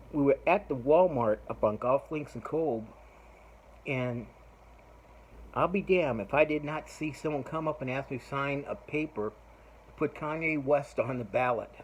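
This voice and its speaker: A middle-aged man with a medium-pitched voice hosts a podcast on a low-quality recording with a little hiss or hum. In a casual monologue, he tells a rambling, profane story, laughing as he retells it.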